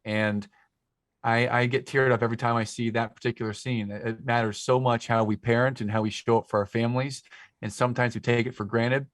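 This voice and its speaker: A man's voice: mid-range voice, flat delivery, brisk, dry recording, clean studio sound. Talkative emotional man in his forties. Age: 40s. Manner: talkative, emotional, rambling storyteller. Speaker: podcast guest. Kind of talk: casual conversation. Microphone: podcast microphone.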